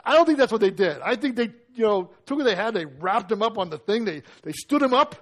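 A man delivers a sermon, retelling a scripture story in a lively, conversational style and acting out the lines. His voice is high and a little fast.

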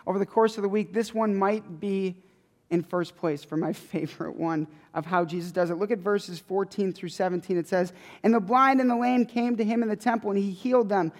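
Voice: medium pitch, fairly even intonation, fairly quick, darkish tone. A preacher giving a sermon in an emphatic, conversational way, with lots of repetition. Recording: long hall reverb.

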